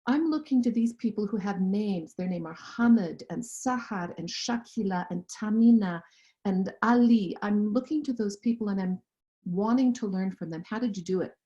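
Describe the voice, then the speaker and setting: A woman's voice: medium pitch, moderate pace, mellow. A woman guest in an interview, speaking in an earnest, impassioned way. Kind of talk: interview conversation. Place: lives in Central Europe. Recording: dull, muffled audio.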